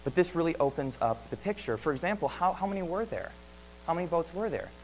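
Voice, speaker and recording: A man's voice: a little high, animated, fast talker, a little hiss or hum, low-quality recording. A man preaching a sermon in an earnest way, asking many rhetorical questions and often repeating words.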